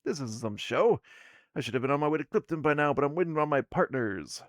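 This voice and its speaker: A man's voice: fairly high pitch, lively intonation, fast, no room sound, studio quality, close to an everyday voice. A man voicing a grumpy young female dwarf merchant, grumbling and impatient, while reading out a tabletop game. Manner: grumbling, impatient, put-upon. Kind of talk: reading game character dialogue aloud.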